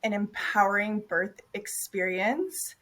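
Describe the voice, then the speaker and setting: A woman birth worker answering interview questions in a calm, measured, gentle way. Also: medium pitch.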